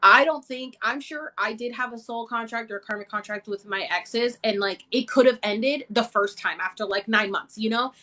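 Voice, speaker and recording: Casual live host, woman, thirties, vivid storyteller, bright tone. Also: fairly high pitch, moderate pace, few pauses. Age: 30s. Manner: animated storytelling, acts out inner voices.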